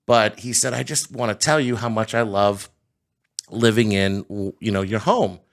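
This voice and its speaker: Middle-aged man, home builder guest, low voice, casual anecdotes with laughs. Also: normal speed. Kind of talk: casual storytelling.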